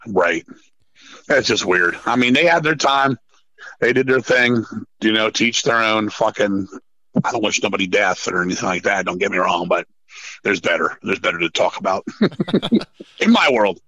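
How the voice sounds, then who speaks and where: A man's voice: on the low side, moderate pace, long pauses, low-quality recording. A man in his fifties telling blunt, profane stories in a casual podcast chat. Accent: American. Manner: profane, blunt, animated storyteller. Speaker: guest musician.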